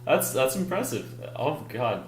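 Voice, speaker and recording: A young man co-hosting a casual podcast, chatty and musing, quick to laugh. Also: medium pitch, roomy sound. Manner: animated, laughs easily, musing. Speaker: podcast co-host. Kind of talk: casual chat.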